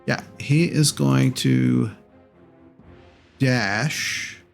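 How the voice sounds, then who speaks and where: A man narrates a tabletop role-playing game as its game master, in a slow, gravelly voice. He rambles, counts out movement, and corrects himself often. Faint music plays underneath. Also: medium pitch. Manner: unhurried, rambling with many ums and self-corrections.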